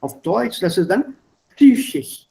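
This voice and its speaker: A man's voice: high-pitched, lively intonation, takes it slowly, gravelly, mellow, poor audio. A man teaching an online class over a video call, repeating and spelling words and coaxing his students to speak. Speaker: language teacher.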